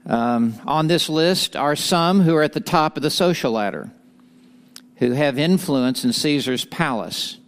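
A man leads a morning Bible study, opening with a prayer before teaching. His voice is smooth and resonant, and he speaks slowly and earnestly, now and then easing into a light joking aside. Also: on the high side, expressive. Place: live morning gathering with an audience.

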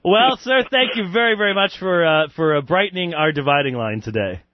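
A man's voice: high-pitched, brisk, dry recording. A man hosting a radio call-in show, chatting casually with callers, often chuckling and full of fillers. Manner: lively, chuckling, many fillers. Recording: dull dry radio sound.

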